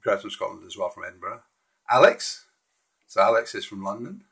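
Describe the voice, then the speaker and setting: Husky-voiced man hosting a live stream. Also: lowish voice, animated, fairly quick, a bit bright. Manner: friendly, hesitant, frequent restarts. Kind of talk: casual live-stream walkthrough of slides.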